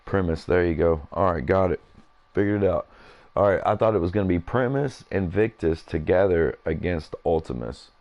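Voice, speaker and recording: A man's voice: low voice, lively intonation, normal speed, a little mellow, lo-fi sound. A man chatting as he streams a game, in a rambling, chatty manner. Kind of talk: casual gameplay commentary.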